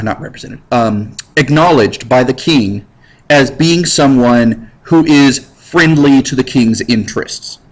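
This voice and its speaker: Man, teacher, slangy classroom lecture with jokes and voices, lively swooping pitch. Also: rough recording. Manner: slangy, jokey, animated with put-on voices. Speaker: history teacher. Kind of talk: casual lecture over slides. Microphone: computer mic while drawing with a mouse.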